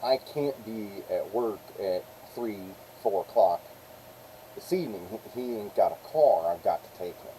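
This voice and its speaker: A man's voice: fairly low pitch, animated, measured pace, warm tone, a little hiss or hum, poor audio. A middle-aged man, rambling through a casual story on a live stream and acting out the people he quotes.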